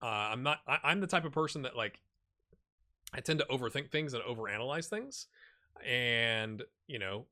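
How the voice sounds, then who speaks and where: A man's voice: medium pitch, lively intonation, moderate pace, sharp tone. A man in his forties giving casual, rambling, self-deprecating commentary over a game he is playing. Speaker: gaming YouTuber. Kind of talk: casual let's-play commentary.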